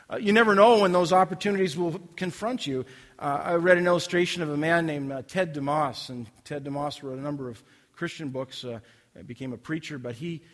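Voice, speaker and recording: A man preaches in an earnest, conversational way, often stopping to restart his phrases as he tells a story. His voice sits a little higher than most men's. A long reverb trails each line, as in a large hall. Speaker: pastor. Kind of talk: sermon with storytelling.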